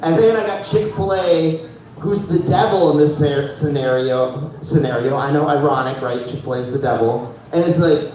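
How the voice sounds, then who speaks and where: Man doing stand-up, high and echoey. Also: moderate pace, dark tone, a little hiss or hum. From Fargo, North Dakota. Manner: casual, says "dude" constantly, laughs at own jokes. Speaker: stand-up comedian. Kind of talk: stand-up comedy set. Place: live comedy show in a room. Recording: echoey room, mic heard from far, dull.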